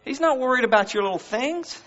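A male pastor with a high voice delivers a conversational sermon, pressing his congregation with rhetorical questions. His words ring out through a church with a long, lingering reverb, and the recording sounds somewhat muffled. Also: expressive, fairly quick, fairly bright tone.

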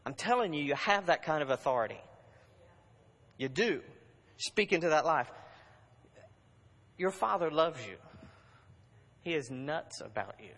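A man preaching a sermon to a congregation, animated and exhorting, swinging between loud urging and hushed asides. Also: a little high, breathy edge, big-room sound. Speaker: pastor.

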